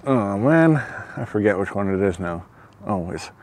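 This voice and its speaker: A channel host vlogs alone outdoors in the open, trying bagpipes for the first time and talking himself through it. His voice is lowish, expressive, and a little mellow at a normal pace, and he's self-deprecating, chuckling as he thinks aloud.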